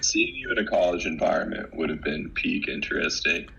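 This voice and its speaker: A man in his early twenties, a podcast guest telling stories in an animated, casual way. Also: extremely low pitch, fairly quick, creaky, muffled recording. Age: 20s. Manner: animated storytelling. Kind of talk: casual chat.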